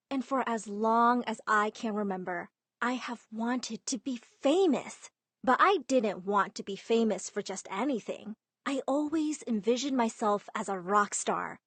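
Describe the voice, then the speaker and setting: A young woman narrating her own story in first person, lively and putting on voices for family members. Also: fairly high pitch, dry recording.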